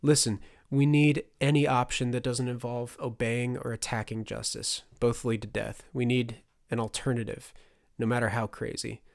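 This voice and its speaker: An earnest, weary young hero from a fantasy audiobook, as a male narrator plays him, low and steady. The tone is gravelly and dry, close to the narrator's own. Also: moderate pace, dry recording, lightly acted. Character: weary, earnest young man, former slave.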